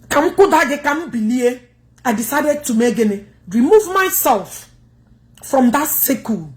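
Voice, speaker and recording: A woman's voice: sits high, expressive, takes it slowly. A woman with a Nigerian Igbo accent, scolding her livestream viewers in a combative rant.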